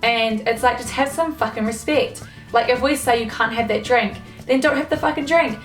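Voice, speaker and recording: A young vlogger speaks at a normal speed in a slightly high voice, ranting casually and exasperatedly to camera with lots of swearing and filler words. Faint music plays behind her, and the room echoes around the distant mic.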